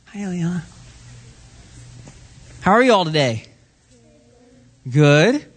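A man's voice: high-pitched, fairly bright tone. A man giving a children's sermon in church, asking the kids friendly questions. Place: church sanctuary.

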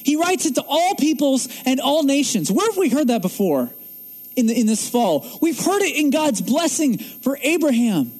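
A man's voice: very high-pitched, very animated, moderate pace, darkish tone. A man pastor preaching a sermon, emphatic and asking the congregation rhetorical questions.

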